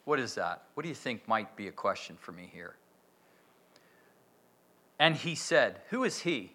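A man preaching a sermon, working through a verse with lots of questions to his listeners and slow, stressed quotations. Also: fairly low pitch. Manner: questioning, lively emphatic delivery with drawn-out quotes.

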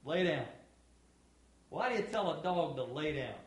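A man preaching a sermon in a folksy way, stretching out words and swinging between loud stresses and quiet asides. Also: fairly high pitch, sing-song, fairly quick, husky. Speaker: pastor.

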